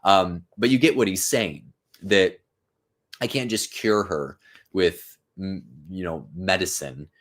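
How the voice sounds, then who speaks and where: A man in his thirties talks through a play during a live-stream lesson. His voice sits low, and he speaks casually, with plenty of fillers and quick "right?" check-ins. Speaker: literature teacher and channel host. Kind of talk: live-stream reading with commentary.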